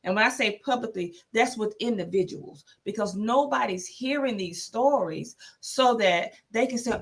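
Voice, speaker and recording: A woman's voice: on the high side, normal speed, gravelly, hardly any pauses. A woman hosting a talk podcast, speaking emphatically and addressing her listeners directly. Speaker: podcast host. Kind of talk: talk show.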